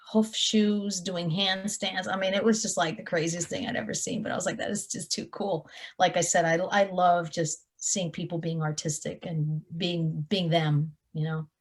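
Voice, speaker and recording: A young adult woman, a touring guitarist, chatting in an interview and acting out the people in her stories. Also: fairly low pitch. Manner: animated storyteller, acts out quotes. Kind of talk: casual interview chat.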